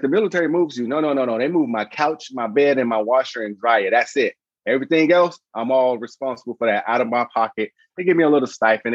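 A man in his thirties, a founder appearing as a podcast guest, tells a story casually and acts out the voices in his anecdotes with animation. His voice is fairly low, with no room sound and the highs cut off.

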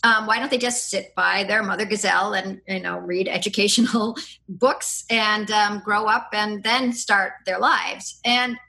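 A middle-aged woman, a podcast guest, chatting and explaining at length in a lively, rambling way, with laughs and restarts. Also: mid-range voice, a little slow, vocal fry. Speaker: podcast guest, free-play advocate. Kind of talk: casual conversational explaining.

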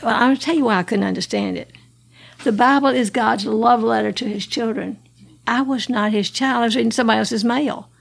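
Old lady in her 80s, raspy fry, kinda higher voice, earnest storyteller. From Alabama, US. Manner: earnest storytelling with restarts and laughs. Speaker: guest sharing her testimony. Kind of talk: personal testimony.

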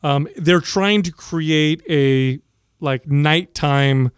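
Smooth, slightly high-voiced man. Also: drawn-out words, no echo, clean studio sound. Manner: storytelling, laughs often, trails off and restarts. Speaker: podcast co-host and father. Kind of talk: casual podcast chat.

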